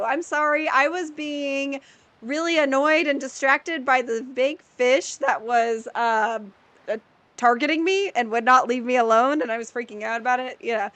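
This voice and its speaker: A woman's voice: sits high, sharp tone, no room sound. A woman in her thirties streaming a video game, chatting casually with viewers and playfully exasperated. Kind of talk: casual gameplay chat with viewers.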